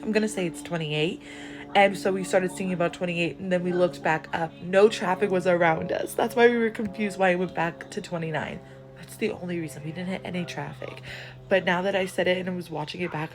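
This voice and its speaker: A young woman podcast host breaking in with a casual, apologetic aside to her listeners, explaining something while chatting. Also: on the low side.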